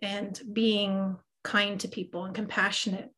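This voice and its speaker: A woman's voice: mid-range voice, little pitch movement, a little slow, fairly bright tone. A middle-aged woman, a guest on an interview, chatting about her life in a casual, self-deprecating way with lots of fillers. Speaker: guest, psychic medium and Reiki master.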